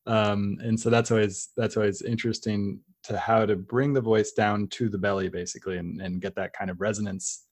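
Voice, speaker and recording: A man's voice: on the low side, flat delivery, a little fast, few pauses, a little mellow. A man hosting an interview, asking long questions with many hesitations and fillers. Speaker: podcast host. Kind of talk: conversational interview.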